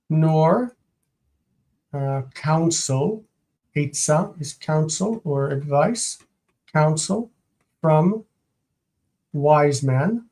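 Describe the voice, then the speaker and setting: Each Hebrew phrase is read and then translated piece by piece in this live-streamed homework review, with long pauses between fragments and small slips corrected as it goes. The teacher's middle-pitched voice is a little mellow and unhurried, and the recording is rough.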